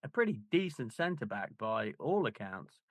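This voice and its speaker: A man's voice: medium pitch, big pitch swings, dry recording. A man co-hosting a casual chat about a football book, trading wry jokes. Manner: wry banter, quick jokes. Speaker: podcast co-host.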